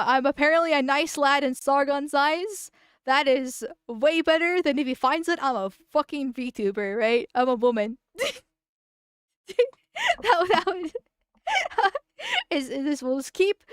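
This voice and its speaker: A VTuber streamer chats casually on a live stream as she reacts to a video, rambling, giggling and swearing freely. Her voice sits high, and the studio-quality recording has no room sound.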